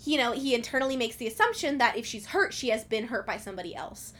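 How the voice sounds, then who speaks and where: A young woman with a somewhat high voice chats about a book on a podcast. She is animated and laughs easily, and she swears freely as she thinks her points through out loud. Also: fast talker. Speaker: podcast co-host. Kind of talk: casual chat about a book.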